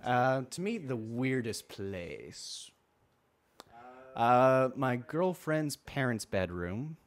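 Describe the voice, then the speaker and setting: A podcast co-host chats casually, his mid-range voice very animated and his delivery very slow. He often stammers and repeats words as he starts his sentences.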